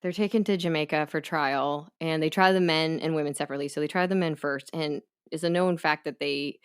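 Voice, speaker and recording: Brief: deep-pitched woman host, casual chatty storytelling, quick asides. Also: steady tone, clear, resonant tone. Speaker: podcast host.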